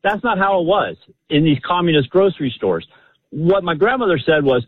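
Slightly rough and a little high, the man's voice swings widely in pitch while keeping a moderate pace. He's phoned in to a radio show to tell a family story, rambling eagerly and full of fillers, on a tinny line.

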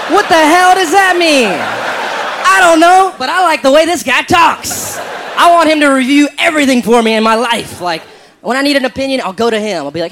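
A man performing stand-up comedy, telling an animated and profane story. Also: very high-pitched, moderate pace, background noise.

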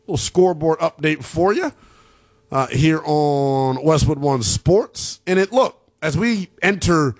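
A man hosting a sports talk radio show, energetic and slangy, with a hyped delivery. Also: a little high, measured pace.

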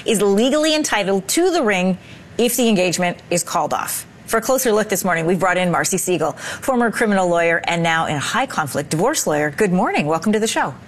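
A woman hosting a morning news segment, reading clear scripted lines. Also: mid-range voice, expressive, fast. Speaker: morning show host.

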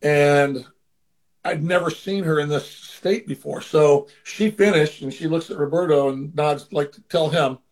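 Steady in tone and measured in pace, a slightly high-voiced former baseball manager speaks as an interview guest. He tells a personal story with sincerity, acting out quoted voices from time to time in a casual exchange.

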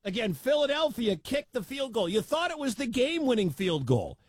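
High-voiced man calling football on radio. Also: sing-song, normal speed, breathy edge, no echo. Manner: emphatic, rising to loud shouts at big plays. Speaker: radio sports show host. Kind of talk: excited live radio sports commentary.

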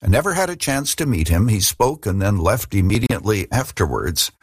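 Low-voiced pastor talking straight to listeners. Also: male voice, sing-song, brisk, breathy edge, no echo, clean studio sound. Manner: warm, direct, conversational. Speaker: pastor and radio host. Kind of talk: radio ministry talk.

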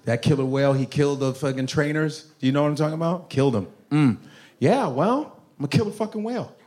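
A man doing stand-up comedy, profane and animated, jumping into voices. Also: fairly high pitch, fast talker.

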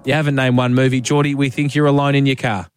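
Playful Australian radio host. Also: male voice, medium pitch, little pitch movement, fast talker, faint music behind. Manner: playful, teasing. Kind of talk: breakfast radio banter.

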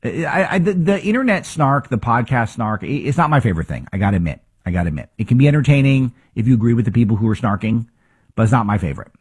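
A man's voice: mid-range voice, expressive, fast, slightly rough. A man hosting a political talk show, delivering opinionated commentary with emphatic rhetorical questions and frequent restarts.

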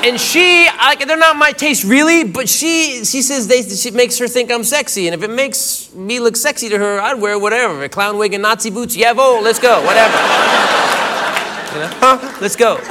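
A man's voice: very high voice, normal speed. A man performing a stand-up comedy routine, telling a story with voiced quotes. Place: comedy club stage with audience. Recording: loud crowd laughter and noise.

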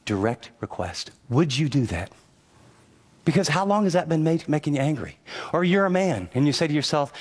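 A man's voice: on the high side, sing-song, moderate pace. A man preaching a sermon in an earnest, conversational way, often stumbling and repeating words. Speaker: pastor.

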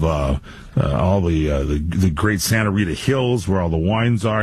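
A man's voice: fairly low pitch, husky, dry recording. A man hosting a national radio talk show, enthusiastic and rambling, with many fillers. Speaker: radio host.

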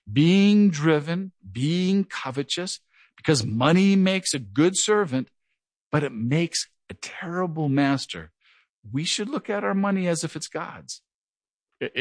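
A middle-aged man with a slight stutter preaches a verse-by-verse Bible teaching. His voice sits at an ordinary pitch but swings up and down with feeling. The sound is dry and close, with no room around it. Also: no room sound. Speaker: pastor. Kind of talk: sermon.

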